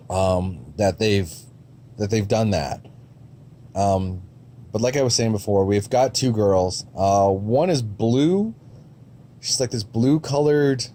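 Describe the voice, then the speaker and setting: A man's voice: on the low side, dark tone, a little hiss or hum. A man giving a casual, rambling review of movie trailers, with frequent ums and restarts and a blunt, sometimes profane way of talking.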